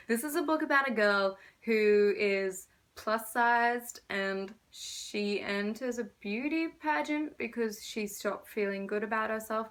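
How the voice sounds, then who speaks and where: A young woman vlogging casually about her books, chatty and rambling, gushing with excitement, recorded on a phone camera. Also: fairly high pitch. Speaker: book vlogger. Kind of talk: casual book haul chat.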